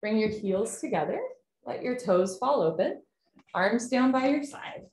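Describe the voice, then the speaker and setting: Calm woman yoga teacher, echoey room. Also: a little high, measured pace. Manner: calm step-by-step cues with casual fillers. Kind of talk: guided yoga class instruction. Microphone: camera mic.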